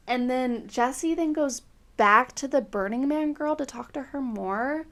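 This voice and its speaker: A woman's voice: high voice, normal speed. A woman hosting a podcast, recapping TV in casual, opinionated chat full of fillers. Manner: chatty, filler-heavy, opinionated. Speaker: podcast host.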